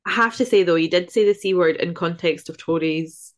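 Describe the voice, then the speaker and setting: Woman, lowish voice, wry teasing podcast cohost. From Scotland. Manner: wry, teasing, quick with jokes. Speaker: podcast co-host. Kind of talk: casual chat.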